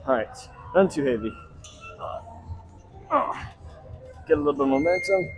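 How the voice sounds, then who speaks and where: Over music and gym noise, in a low-quality recording, a young fitness vlogger talks casually to his viewers between sets of his leg workout, now and then out of breath. His voice is a little high and expressive at a normal speed, and he swears and drops coaching asides.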